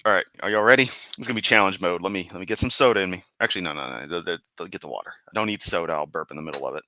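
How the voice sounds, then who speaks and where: Sarcastic tired streamer, bright dry voice. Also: male voice, sits low, very fast, no echo. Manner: sarcastic, rambling, with laughs and restarts. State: tired, yawning. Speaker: streamer reacting to comments. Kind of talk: sarcastic live-stream commentary.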